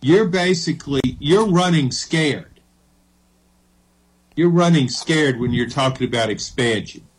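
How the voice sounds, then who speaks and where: Brief: male co-host, husky and a bit high, persistent debater on sports radio. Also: a little slow, poor audio. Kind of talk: call-in sports talk radio.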